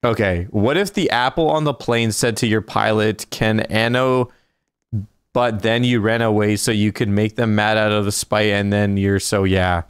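A man's voice: fairly low pitch, fairly even intonation, moderate pace, smooth, dry recording, studio quality. A man hosting a casual gaming livestream, chatting playfully and reading out donations. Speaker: livestream host.

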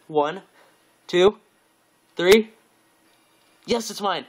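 A man's voice: on the high side, unhurried, a bit bright. A young man commentating his own gameplay live, overexcited, gasping, swearing and repeating himself, talking to viewers and friends on a call. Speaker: game streamer.

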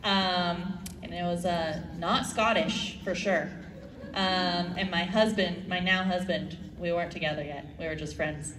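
A woman in her thirties speaks on a convention stage, poking fun at herself in a bright voice. The sound is echoey and picked up from a distance in a large hall. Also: lowish voice, fairly even intonation, unhurried, slight background noise. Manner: self-deprecating, laughs between stories. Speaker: voice actress on a convention panel. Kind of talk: casual panel chat.

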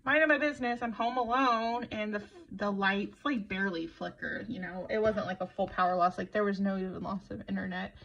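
Tired, rambling woman with a gravelly edge. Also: mid-range voice, fairly even intonation, a little fast, few pauses, fairly bright tone. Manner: rambling, self-deprecating storyteller. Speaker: planner vlogger. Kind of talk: casual chat while planning. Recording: slightly dull lo-fi audio.

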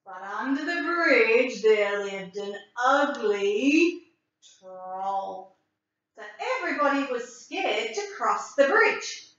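A woman teacher reading a story aloud and leading a writing lesson for young children, clear and expressive. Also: fairly high pitch, slow pace. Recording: echoey room from far off, dull.

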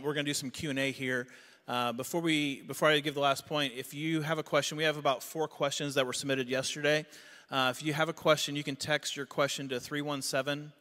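A middle-aged man preaching a conversational sermon as pastor, telling stories with animation. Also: mid-range voice. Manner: storytelling, animated when recounting. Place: church auditorium. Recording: long reverb of a church hall.

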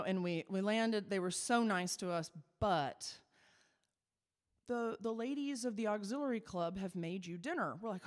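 A woman's voice: medium pitch, long reverb tail. A woman from Texas, a cabaret singer telling chatty, self-mocking stories between songs. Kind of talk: stage patter between songs.

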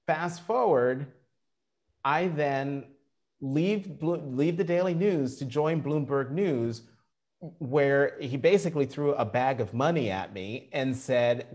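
Animated storytelling man. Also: medium pitch, slow pace. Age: middle-aged. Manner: animated anecdotal storytelling, acting out quotes. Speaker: journalist guest. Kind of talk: storytelling interview.

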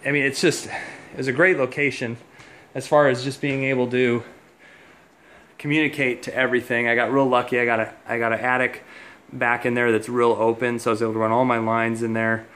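A man's voice: medium pitch, level tone, fairly quick, a bit bright. A man giving a casual walkthrough of a home install, chatty and a little out of breath, explaining as he walks. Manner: chatty, explains on the move with many fillers. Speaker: heating contractor giving a walkthrough. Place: house, indoors and outdoors.

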